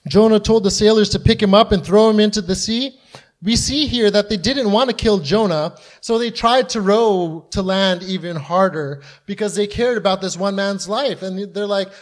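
A man preaching a sermon, earnest, acting out the voices in the stories he tells. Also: high voice. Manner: earnest, acts out quoted voices with rising intensity.

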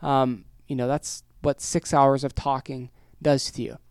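A man from Canada hosting a casual solo podcast, energetic and rambling with jokes, his voice worn hoarse. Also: medium pitch, measured pace, no room sound, studio quality. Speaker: podcast host.

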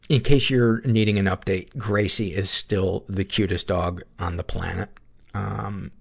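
A man hosting a podcast, reading listener surveys aloud and responding in a warm, reflective, chatty way. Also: lowish voice, creaky. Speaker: podcast host.

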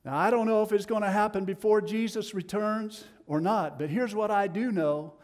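A middle-aged man with a Tennessee accent preaching a sermon, swinging between loud declarations and hushed, low passages. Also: normal speed, few pauses.

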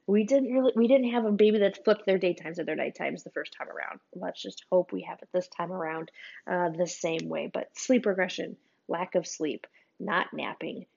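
A woman's voice: medium pitch, gravelly, darkish tone. A woman, talking casually as a parent giving advice and often repeating and restarting her phrases. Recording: dull lo-fi recording.

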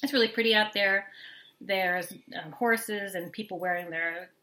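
A woman's voice: medium pitch, moderate pace, sharp tone. A middle-aged mother co-hosting a podcast, chatting in a gossipy way and acting out what people said. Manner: chatty, gossipy, acts out quotes. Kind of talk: casual reality-TV recap chat.

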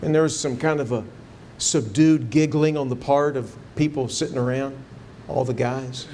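A pastor with a mid-range, mellow voice preaches at a normal speed with fairly even intonation, over slight background noise. He tells a personal story earnestly, then rises to fervent pleading when quoting his prayers.

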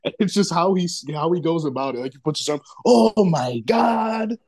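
A man's voice: fairly high pitch, quick pace. A man co-hosting a podcast, laid-back and laughing often while telling crude work anecdotes. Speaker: podcast co-host. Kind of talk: casual podcast banter.

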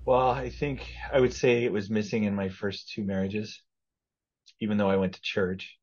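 A man's voice: fairly low pitch, little pitch movement, moderate pace, a little mellow, husky, dull audio. A man speaking earnestly as a podcast guest in a casual testimony conversation.

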